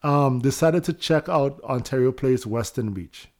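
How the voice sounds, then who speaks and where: A man's voice: mid-range voice, unhurried, a little mellow. A young man from Toronto hosting a casual podcast, loose and slangy, laughing as he talks. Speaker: podcast host.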